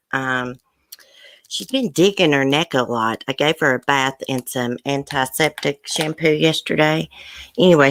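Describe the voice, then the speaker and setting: A woman hosting a casual live stream, chatting with viewers by name and getting emotional as she talks. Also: sits low. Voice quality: emotional, soft-hearted. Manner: chatty, greets viewers by name, says y'all.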